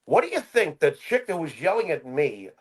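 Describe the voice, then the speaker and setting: A man co-hosting a podcast in casual chat, telling lively stories and acting out the people in them. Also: a little high, moderate pace, breathy edge. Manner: animated storyteller, acts out quoted voices. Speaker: podcast co-host.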